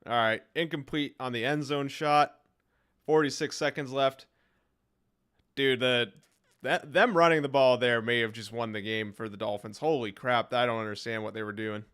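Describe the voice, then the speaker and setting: Young guy doing live play by play reactions, smooth clear voice getting a bit worn, hyped on the big plays. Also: mid-range voice, moderate pace. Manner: excited commentary, reacting aloud to plays. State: voice starting to go. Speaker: sports fan live-streaming play-by-play reactions.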